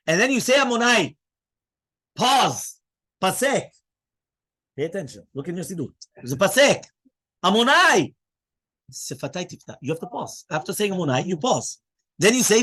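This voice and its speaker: A man, a rabbi, giving a lively Torah class in English mixed with Hebrew terms. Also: sits high, slightly rough. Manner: animated teaching, mixing English with Hebrew terms.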